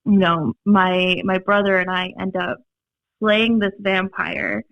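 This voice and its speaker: A young woman with a Minnesota accent, a podcast guest telling stories in a rambling, animated way, full of fillers and laughs. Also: mid-range voice, slow, creaky, no echo. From Minnesota, USA. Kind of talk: casual storytelling chat. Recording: dry, slightly dull podcast audio.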